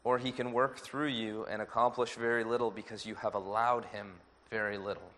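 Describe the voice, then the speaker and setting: A man preaching a sermon as pastor, measured and earnest. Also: lowish voice, steady tone, fairly bright tone.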